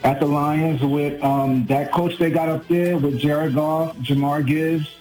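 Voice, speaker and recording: Glum New York caller, slightly high voice. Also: male voice, fairly even intonation, measured pace, mellow, soft background music, rough recording. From Brooklyn, New York. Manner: glum, self-deprecating about his team. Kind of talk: call-in sports radio chat.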